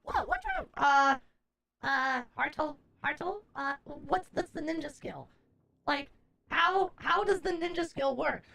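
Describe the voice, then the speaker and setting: Very high-voiced, foul-mouthed woman streamer. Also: very animated, a little slow, gravelly, sharp tone, a little hiss or hum. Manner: profane, theatrical mock-furious ranting. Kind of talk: casual livestream chat. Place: at a desk at home.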